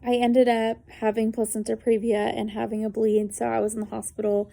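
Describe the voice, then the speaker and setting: Woman, 30s, warm mellow voice, earnest chatty vlogger testimony. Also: fairly high pitch, flat delivery, brisk, gravelly. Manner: conversational, many fillers, earnest. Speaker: vlogger sharing a personal story. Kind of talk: casual spoken testimony to camera.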